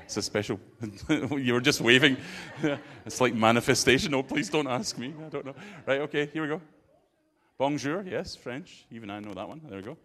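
A man's voice: medium pitch, expressive, normal speed, sharp tone. A man, a pastor giving an interactive sermon and bantering playfully with his congregation.

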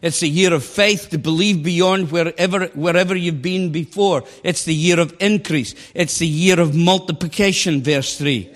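A man in his sixties with a high voice preaches to a congregation. His delivery is animated and exclamatory, full of laughter. The sound rings with the long reverb of a large hall. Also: moderate pace, few pauses. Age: 60s. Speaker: pastor. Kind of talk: sermon.

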